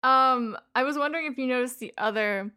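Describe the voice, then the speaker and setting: Playful podcast co-host, woman, high bright voice, teasing banter. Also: smooth. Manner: playful, teasing, quick laughs. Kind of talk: casual chat about a TV show.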